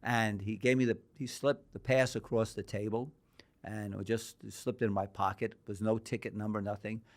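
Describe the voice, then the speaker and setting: Low-voiced older man telling boxing stories. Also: flat delivery, moderate pace. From New York. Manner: rambling anecdotal storyteller, acts out quoted dialogue. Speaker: guest, boxing historian. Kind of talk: storytelling in a podcast interview.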